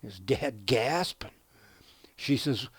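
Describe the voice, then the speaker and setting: A man hosting a gameplay video, chatting casually in a slow, folksy, drawling way and telling a joke as he builds. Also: medium pitch, lively intonation, husky, no room sound. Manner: slow, folksy, drawling storyteller who chuckles at his own jokes. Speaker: gaming video host. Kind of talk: relaxed gameplay commentary with a told joke.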